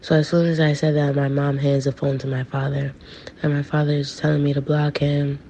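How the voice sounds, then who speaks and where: A woman's voice: low voice, little pitch movement, brisk, gravelly, warm tone, a little hiss or hum. A woman casually telling a personal story, acting out the texts she quotes, on a dull lo-fi recording. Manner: chatty, acts out quoted texts.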